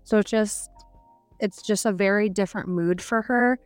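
A woman's voice: mid-range voice, moderate pace, clear, resonant tone, dry recording, faint music behind. A young woman co-hosting a podcast, chatting casually and retelling a story with fillers and small laughs. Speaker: podcast co-host. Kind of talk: casual book review chat.

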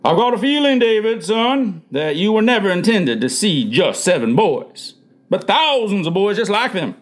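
A man voicing an elderly grandfather who speaks slowly and deliberately, with gentle, probing wisdom. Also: sits high, sing-song, pitched above the performer's own voice. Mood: wise. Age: older. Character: wise, plain-spoken old grandfather.

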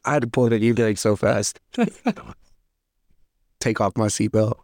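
A man's voice: lowish voice, little pitch movement, measured pace, darkish tone, no echo, clean studio sound. A young man from California co-hosting a podcast, chatting casually and laughing as he quotes himself. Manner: laughing, quoting himself with raised voice. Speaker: podcast co-host. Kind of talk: casual chat.

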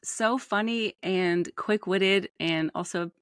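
A woman's voice: mid-range voice, takes it slowly, fairly bright tone, dry recording, clean studio sound. A woman with an American Southern accent, co-hosting a podcast in casual chat, gushing and laughing often. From United States. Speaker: podcast co-host.

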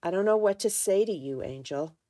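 A woman voicing a troubled, resentful grown man in a halting, strained way while reading a novel aloud. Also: mid-range voice, lively intonation, dark tone, no room sound, studio quality, pitched above the performer's own voice, close to an everyday voice. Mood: hesitant.

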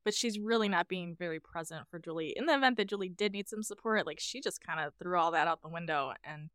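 A woman's voice: lowish voice, quick pace, fairly bright tone, clear, resonant tone, no echo, studio quality. A woman co-hosting a podcast, casually sharing reflective, opinionated commentary on a TV show. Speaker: podcast co-host. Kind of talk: casual discussion.

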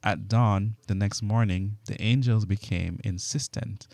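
A man reading scripture aloud in a steady, measured way. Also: on the low side, vocal fry, no echo. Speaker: Bible reader.

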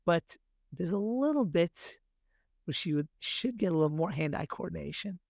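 Podcast co-host, man, 30s, lively storyteller, somewhat high voice, dry close sound. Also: moderate pace, vocal fry, no echo. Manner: animated storyteller, acts out his kids' voices. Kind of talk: casual chat.

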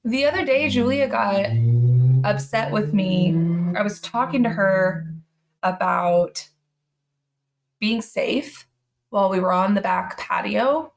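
A woman in her thirties co-hosts a casual parenting podcast, telling family stories in an easy, chatty way with little quoted asides. Her mid-range voice has a gravelly edge, and she speaks slowly, pausing often.

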